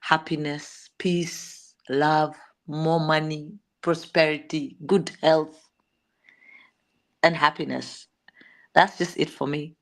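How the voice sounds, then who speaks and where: Lower-voiced woman in casual chat. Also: fairly even intonation, takes it slowly. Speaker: guest, online group moderator.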